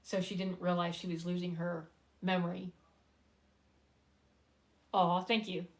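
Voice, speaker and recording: A woman talking casually on a live stream, heartfelt and close to tears, pausing often with fillers. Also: lowish voice, level tone, low-quality recording. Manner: heartfelt, halting, many fillers, fighting back tears. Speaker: singer-songwriter hosting a live stream.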